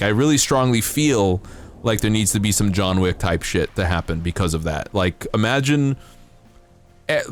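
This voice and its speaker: A man's voice: lowish voice, no echo. A young man streaming a game, chatting casually in rambling, profane, self-mocking rants. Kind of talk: casual live-stream chat while gaming.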